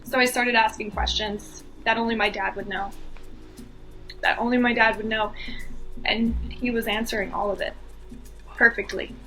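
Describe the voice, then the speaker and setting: A woman's voice: fairly high pitch, fairly even intonation, normal speed, long pauses, pushed and bright, soft background music. A woman from the US East Coast, a podcast guest, telling a personal story earnestly and with feeling, repeating phrases for emphasis.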